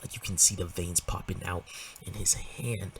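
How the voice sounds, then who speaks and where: Slangy low-voiced man breaking down a comic. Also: normal speed, vocal fry, recorded from a distance, a little hiss or hum, rough recording. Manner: slangy, profane, animated, drops into whispers for emphasis. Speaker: manga commentator. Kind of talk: casual in-depth comic analysis.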